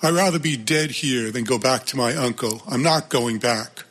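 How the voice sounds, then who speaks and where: A man's voice: medium pitch, normal speed, a bit bright, close to an everyday voice. A determined young girl refuses to back down, speaking firmly, as a man reading a book voices her lines. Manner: firm, determined.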